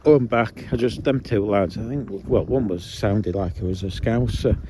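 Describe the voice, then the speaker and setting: A man's voice: on the low side, moderate pace, warm tone. A man chatting casually and coaxing his dogs on an outdoor walk, recorded on a handheld phone. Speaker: vlogger. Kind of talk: casual chat while walking dogs. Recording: outdoor phone audio with background noise.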